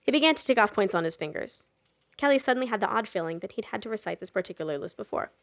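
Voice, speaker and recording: A woman narrating a novel in a steady, even storytelling manner. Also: mid-range voice, racing. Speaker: audiobook narrator. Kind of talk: scripted narration.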